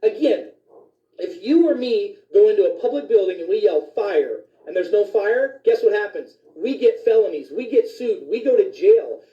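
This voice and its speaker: A man's voice: high voice, expressive, normal speed. A man who is a physician, ranting indignantly with profanity in a commentary video. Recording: distant, echoey, dull lo-fi sound.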